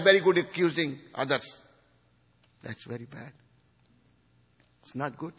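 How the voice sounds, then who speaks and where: Husky man giving a devotional lecture. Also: a little high, measured pace, pauses often. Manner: swings from hushed to emphatic, asks the audience questions. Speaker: spiritual teacher. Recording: dull recording in a reverberant hall.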